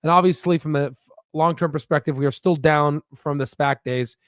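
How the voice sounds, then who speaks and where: A man's voice: on the high side, fairly quick. A man with a somewhat raised voice talks casually over stock charts. He rambles, repeats words, and leans on "you know" and "right?" as he pushes his viewers. The sound is dry, with no room echo. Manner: pushy motivational tone. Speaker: stock market YouTuber. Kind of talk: casual stock analysis commentary.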